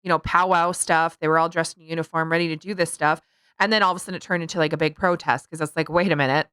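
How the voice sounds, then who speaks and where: Woman podcast co-host, middle-aged, low-ish, blunt and profane, dry room. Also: steady tone, fast, a bit bright, clear, resonant tone, no room sound. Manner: blunt, profane, laughs often. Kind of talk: casual chat.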